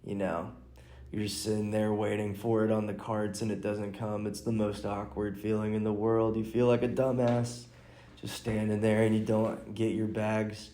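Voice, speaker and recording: Slow, low-voiced man rambling in a roomy space. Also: warm tone. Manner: rambling, restarts sentences, chuckles. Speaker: podcast host and stand-up comic. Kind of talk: casual solo podcast chat. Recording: roomy echo.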